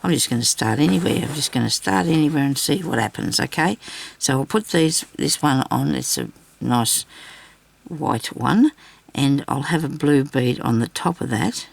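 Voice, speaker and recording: A woman's voice: deep voice, normal speed, vocal fry, slightly rough. A woman vlogging a crafting demonstration, rambling and chatty as she talks straight to her viewers.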